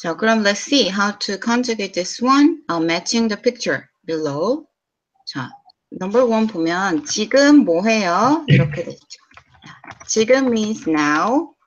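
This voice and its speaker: A woman's voice: medium pitch, lively intonation, highs cut off. Korean-accented woman teaching Korean. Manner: mixes English and Korean, models slow clear pronunciation. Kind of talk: casual language lesson.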